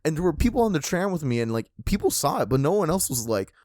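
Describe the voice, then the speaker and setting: A man co-hosting a podcast, casually chatting and retelling a comic with lots of swearing and excitement. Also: a little high, fast talker, no room sound, studio quality. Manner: profane, animated retelling of a comic. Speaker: podcast co-host. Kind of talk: casual chat.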